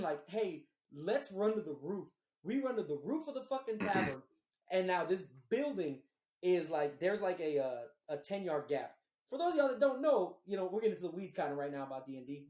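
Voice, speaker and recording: A woman's voice: on the low side, echoey room. A woman co-hosting a podcast, telling a story in casual chat, swearing freely and acting out what others said. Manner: animated, swears freely, acts out quoted dialogue. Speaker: podcast co-host.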